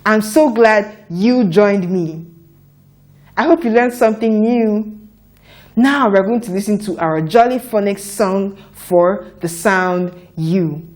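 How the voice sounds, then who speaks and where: A woman teaching a children's phonics lesson, sounding out letters and words slowly for young learners to repeat. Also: mid-range voice, a little mellow. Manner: slow, deliberate, repeats sounds for children to echo.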